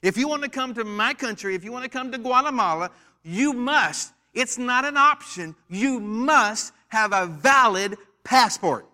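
A man's voice: extremely high pitch, expressive, a little slow, pushed and bright. An American man preaching a sermon in church, leading call-and-response with the congregation and joking with its members. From United States. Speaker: pastor.

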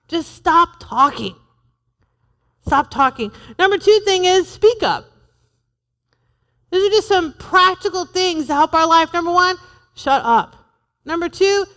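A woman's voice: high voice, fairly bright tone, in a large hall. A woman in her forties preaching a sermon to a church, humorous and emphatic, repeating her points. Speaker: pastor's wife preaching.

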